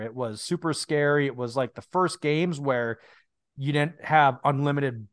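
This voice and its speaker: A man's voice: mid-range voice, unhurried, no room sound. A man co-hosting a podcast, talking in a loose, rambling way and often stumbling over the start of a thought. His voice sits in a middle range and sounds close and dry, with no room around it. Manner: rambling, repeats words when starting a thought. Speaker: podcast co-host. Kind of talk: casual chat.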